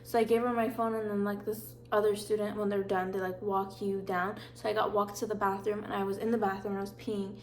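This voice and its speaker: A woman's voice: medium pitch, level tone, fairly quick, few pauses, slight background noise. Chatty young woman telling stories. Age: 20s. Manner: chatty, filler-heavy, dramatic retelling. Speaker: vlogger. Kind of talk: casual storytelling.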